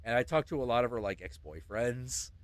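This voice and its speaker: A man's voice: mid-range voice, brisk. A man hosting a show, telling a story in casual chat, swearing and acting out the people in it. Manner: animated, profane, acts out voices in his stories. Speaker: podcast host.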